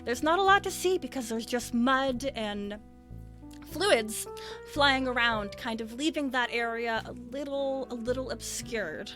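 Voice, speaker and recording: A woman running a tabletop role-playing game as game master, calmly narrating the scene and asking players what they do. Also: on the high side, unhurried, soft background music.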